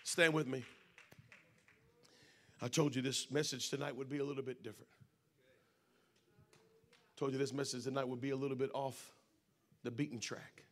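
A man's voice: mid-range voice, level tone, normal speed, long pauses. A man preaching a sermon at a church service, telling a personal story and speaking straight to the congregation. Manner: earnest personal storytelling, addresses congregation directly.

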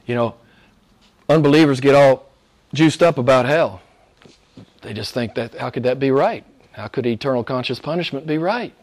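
A man preaching a sermon as pastor, moving between hushed, almost whispered lines and loud, emphatic passages. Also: mid-range voice, moderate pace, long pauses.

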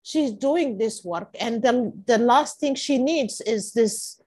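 A woman's voice: on the high side, takes it slowly, slightly rough. A woman hosting a casual chat, telling a story with feeling and acting out the voices of the people in it. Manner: animated, acts out quoted voices, emotional. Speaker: podcast host.

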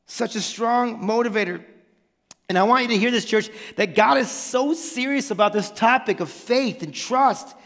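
A man's voice: extremely high pitch, fairly bright tone. A male pastor preaching an emphatic sermon in a church, often breaking in with "listen" and rhetorical questions. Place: church sanctuary. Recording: long church-hall reverb.

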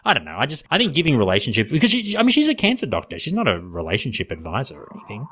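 A man's voice: mid-range voice, rapid-fire, husky. A man hosting a podcast who casually recaps a TV episode with lots of laughter and some swearing. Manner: chatty, laughing, profane, animated. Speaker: podcast host.

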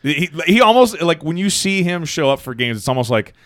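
A man's voice: fairly high pitch, big pitch swings, brisk, fairly bright tone, no room sound, studio quality. A man co-hosting a casual sports chat, who laughs often and swears freely. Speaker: podcast co-host.

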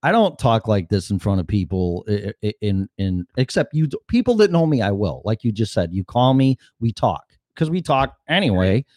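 Blunt, swearing man with a lively voice. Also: fairly low pitch, no room sound, clean studio sound. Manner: blunt, swears a lot, quick restarts. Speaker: podcast host. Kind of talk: profane casual chat.

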